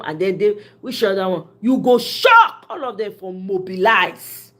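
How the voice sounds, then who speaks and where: A woman with a Nigerian accent giving casual political commentary, mixing Pidgin English with animated, often laughing delivery. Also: mid-range voice, normal speed, hardly any pauses.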